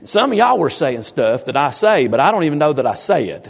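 A man's voice: fairly high pitch, sing-song, a little fast, husky. A man, a pastor giving an informal sermon and teasing his congregation with questions.

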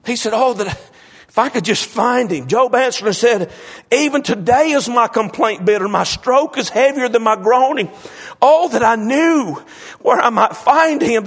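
High husky preacher shouting a sermon. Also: male voice. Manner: rising to shouted preaching, then dropping to a hushed murmur.

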